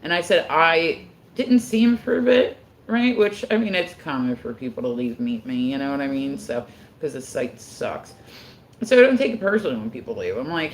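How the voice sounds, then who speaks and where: A woman's voice: low voice, expressive, brisk, echoey room, slight background noise, rough recording. A woman chatting casually on her livestream, rambling with constant filler words and frequent swearing.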